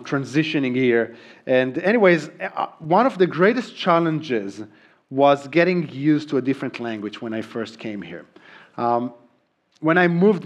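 A man's voice: mid-range voice, lo-fi sound. A middle-aged man from Israel, a native Hebrew speaker with an Israeli accent, preaching a sermon in an earnest way with frequent ums and restarts. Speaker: pastor.

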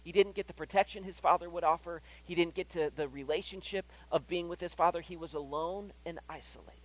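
Chatty pastor with a higher voice. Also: male voice, brisk, low-quality recording. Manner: conversational, keeps checking in with "right?". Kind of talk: sermon. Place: church hall.

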